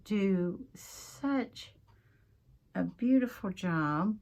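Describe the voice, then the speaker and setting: A woman with a Southern American accent chatting casually as she crafts, homey and prone to drifting off topic, with a slightly husky voice and frequent throat-clearing. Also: mid-range voice, expressive, drawn-out words, a little mellow. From Southern United States. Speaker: crafting channel host. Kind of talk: casual craft-along chat.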